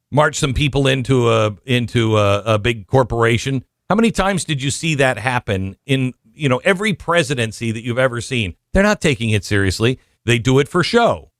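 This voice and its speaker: A man's voice: medium pitch, a bit bright, no room sound, clean studio sound. A man hosting a podcast, giving opinionated commentary and hammering his points with repeated phrases. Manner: emphatic, repeats phrases for punch. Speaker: podcast host.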